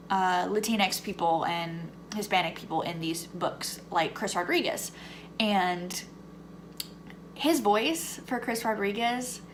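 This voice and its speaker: A woman's voice: medium pitch, a bit bright. A young woman with a faint Southern US accent, talking candidly through a casual book review vlog and turning heated when she rants. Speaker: book vlogger. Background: faint lawnmower noise.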